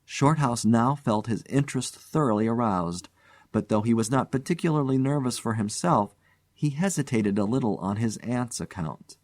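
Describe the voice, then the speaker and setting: A man narrating a ghost story in a measured, deliberate reading style. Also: mid-range voice, a little mellow, dry recording, studio quality. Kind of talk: scripted narration.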